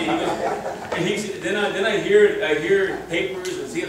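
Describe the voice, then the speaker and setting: A man's voice: sits high, brisk. A middle-aged man casually telling rambling, chuckling stories with many restarts, speaking to a crowd at a reunion. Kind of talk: casual storytelling speech to a crowd. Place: reunion gathering in a room. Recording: very echoey, distant, noisy room.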